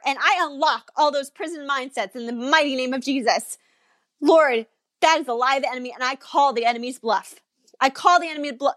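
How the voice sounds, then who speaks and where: A woman with a high voice preaches and prays with fervent, repeated declarations. Her voice is close and dry, with no room sound at all. She speaks words of release and blessing straight to the listener. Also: a bit bright, no echo. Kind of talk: prayer and prophetic preaching.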